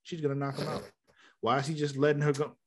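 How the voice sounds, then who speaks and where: A man talking through a TV episode with a friend, pitch sitting in a middle range. He swears constantly, gets worked up, and slips into quick impressions of the characters. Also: slightly rough. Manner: profane, animated, acts out characters in quotes. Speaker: podcast co-host. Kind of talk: casual TV recap chat.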